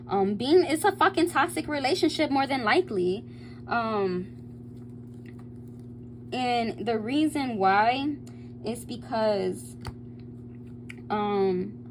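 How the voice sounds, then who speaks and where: A woman giving a casual tarot reading to camera. She chats loosely, swears freely, reads card meanings aloud and bursts into excited squeals. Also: mid-range voice, background noise. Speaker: tarot reader.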